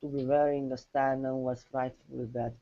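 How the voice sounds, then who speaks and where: A man's voice: mid-range voice, little pitch movement, moderate pace, dark tone, muffled recording. A man reading a rhyming story aloud steadily as a student in a lesson.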